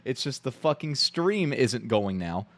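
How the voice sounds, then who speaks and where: A man's voice: medium pitch, big pitch swings, measured pace, no echo. A man streaming from home, reacting live in a rambling, profane way and repeating himself when worked up.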